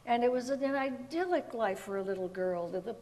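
An older woman from Puerto Rico, a guest telling lively stories in an interview and laughing often. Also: on the high side, brisk, a little hiss or hum. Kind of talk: anecdotal storytelling in an interview.

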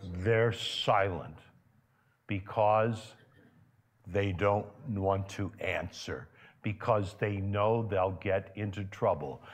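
A male pastor preaching a sermon in a church. He keeps asking his congregation questions and grows loud and emphatic when stirred. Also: low-pitched, takes it slowly. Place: church sanctuary.

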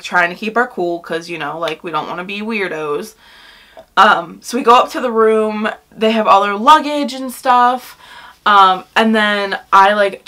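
A young woman in college telling a storytime vlog in a gushing, animated way, full of fillers and excited asides. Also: mid-range voice. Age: young adult. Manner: gushing, animated, lots of "like" and "oh my god". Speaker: vlogger.

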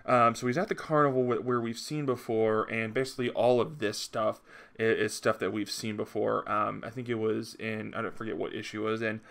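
A man talks through a comic book review in a casual vlog. His lowish voice is gravelly and bright, and he sounds eager as he chats along with plenty of ums and uhs. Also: level tone, a little fast. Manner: enthusiastic, chatty, frequent uh and um fillers.

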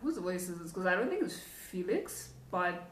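A young woman hosting a reaction video, chatting casually in an excitable, rambling way as a fan. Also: on the low side, normal speed, noisy background. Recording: roomy echo, distant from the mic. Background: music video playing.

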